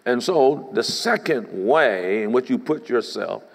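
A man's voice: medium pitch, expressive, measured pace, vocal fry. A man preaching a sermon as a bishop, emphatic and rhythmic, often breaking in with "praise the Lord.". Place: church sanctuary. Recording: long hall reverb.

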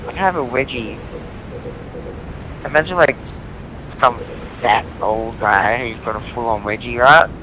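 A man's voice: medium pitch, a little slow, long pauses. Rambling man on noisy game chat. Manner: rambling, joking, laughs at his own lines. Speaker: online game player. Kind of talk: crude voice chat banter.

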